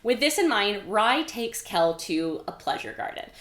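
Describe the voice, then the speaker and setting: A woman author casually talking through her own novel in a chatty, informal way, with playful swearing and quick paraphrased character quips. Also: mid-range voice, very animated, a bit bright. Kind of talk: casual book discussion. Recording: echoey room.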